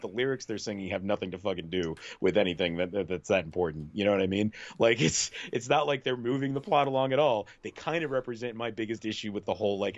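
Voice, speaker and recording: Low-voiced man in casual film chat. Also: no room sound, muffled recording. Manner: chatty, swears casually, many fillers and restarts. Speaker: podcast co-host.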